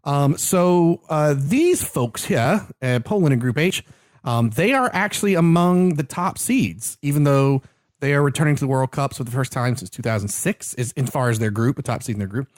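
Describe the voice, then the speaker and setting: A man's voice: medium pitch, moderate pace, no room sound, studio quality. A man co-hosting a casual sports and beer podcast, jokey and chatty with many fillers. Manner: animated, jokey, hesitant with fillers. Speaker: podcast co-host. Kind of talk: casual chat. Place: Orlando, Florida.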